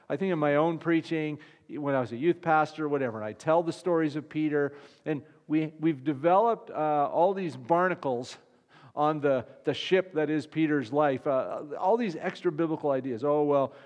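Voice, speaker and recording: A man's voice: a little high, a little mellow. A man, a pastor, preaching a conversational sermon with frequent restarts. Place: church. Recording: long reverb of a church hall.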